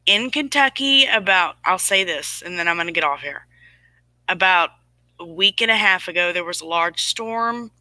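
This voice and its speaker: A rambling, emphatic livestream host in their forties talks straight to viewers and stops to answer chat comments. The voice is very bright and crisp. The sound is dry and close, with no room around it. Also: mid-range voice, animated, moderate pace, dry recording, low-quality recording. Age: 40s. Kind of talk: casual livestream talk to viewers.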